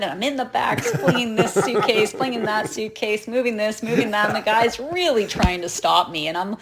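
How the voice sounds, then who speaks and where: A woman from Canada tells travel stories as a podcast guest, animated and quick to laugh. She acts out the people in her stories with playful voices. Her voice sits in an ordinary middle register. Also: medium pitch. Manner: lively, acts out voices in anecdotes, laughs often. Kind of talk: animated storytelling in a podcast interview.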